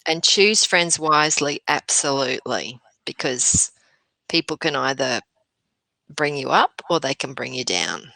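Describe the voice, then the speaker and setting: A woman's voice: rumbling low, lively intonation, a little slow, vocal fry, pushed and bright, dry recording, poor audio. A woman co-hosting a casual live chat over a remote call, agreeable, with short affirming replies. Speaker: co-host of a live morning chat.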